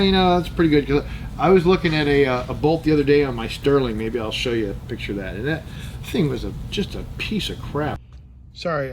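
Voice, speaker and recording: On a rough recording with slight background noise, an American channel host with a medium-pitched voice breaks down and cleans a gun. He keeps up a casual, joking chatter, muttering and thinking aloud as he wanders off on tangents.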